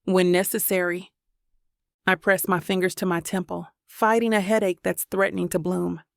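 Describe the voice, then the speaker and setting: A woman narrating a first-person romance audiobook in a measured, introspective way on a close mic. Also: on the low side, steady tone, gravelly, dry recording.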